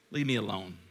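A man preaching a sermon in a church, chatty and self-deprecating, telling stories and sinking to a hushed, earnest tone. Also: on the low side, a little hiss or hum. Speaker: pastor.

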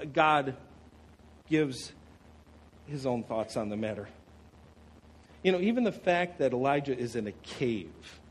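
A man preaching a sermon to a congregation, expressive, with rhetorical questions and dramatic pauses. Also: on the high side, a little hiss or hum, low-quality recording. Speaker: pastor.

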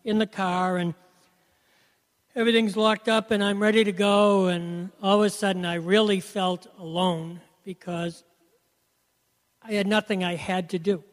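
A man's voice: high-pitched, level tone, a little slow, big-room sound. A man giving an earnest personal testimony about faith, telling it as a story and often saying "you know". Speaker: Christian speaker sharing testimony.

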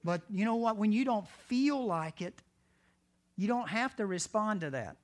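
Earnest man preaching a sermon. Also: sits high. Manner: earnest, conversational preaching with direct questions to the congregation. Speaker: pastor.

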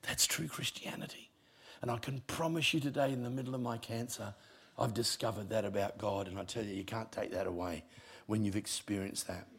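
A male pastor, preaching a sermon with punchy humour and sudden drops to quiet. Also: lowish voice, a little fast, slightly rough.

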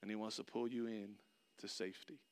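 A man's voice: on the low side, fairly quick, clean tone. Preaching man in a reverberant hall. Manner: storytelling, swinging from loud excitement to hushed softness. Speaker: pastor. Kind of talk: sermon.

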